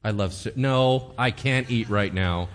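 A man's voice: fairly low pitch, measured pace, pitched below the performer's own voice, lightly acted. A man voicing a sulking, self-pitying ancient king who whines about not getting his way. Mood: sulky. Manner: whiny, mopey.

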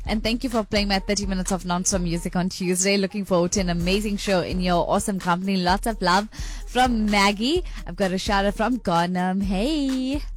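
A woman's voice: medium pitch, fairly quick, soft background music. A woman presenting a radio show, chatty and bubbly, reading out listener messages and laughing easily. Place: radio studio.

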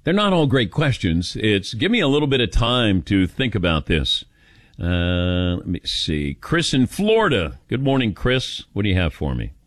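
A man in his fifties hosting a call-in radio show, animated and joking at his own expense. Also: lowish voice, moderate pace, dry recording, clean studio sound. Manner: animated, joking, self-mocking. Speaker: radio host.

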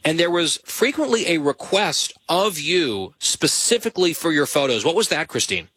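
A man's voice: a little high, very animated, normal speed, fairly bright tone, husky, no room sound. A man hosting a talk show, teasing his producer with dry humor in casual banter.

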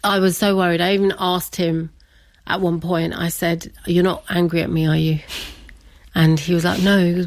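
A woman's voice: on the low side, flat delivery, moderate pace, no room sound. A middle-aged woman telling a personal story as an interview guest, chatty, laughing often and acting out what family members said.

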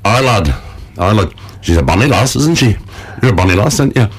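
A man voicing a jealous cheeky male monkey puppet, with a high, squeaky put-on northern English accent and a gruff, threatening manner. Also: expressive, brisk. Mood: flirty. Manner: gruff, threatening, calls everyone laddie.

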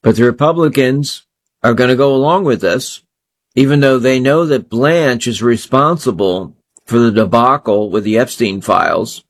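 Guy doing a solo political commentary show, mid-pitched voice, indignant and scornful, stacks phrase on phrase.

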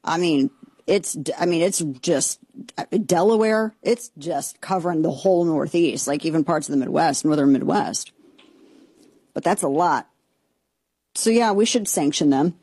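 A woman's voice: fairly low pitch, moderate pace, no room sound. Exasperated woman ranting on air. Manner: exasperated, rambling, with restarts and sharp outbursts. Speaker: commentary show host. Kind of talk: opinionated political commentary.

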